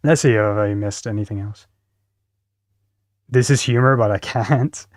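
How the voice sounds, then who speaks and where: A man's voice: on the low side, unhurried, dry recording, studio quality. A male streamer casually reacting to videos, laughing and swearing.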